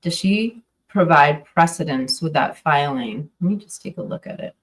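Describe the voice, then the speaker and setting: A woman's voice: deep voice, moderate pace, far from the mic. A woman commenting casually on a livestream, hesitant and full of fillers and restarts. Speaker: true crime streamer.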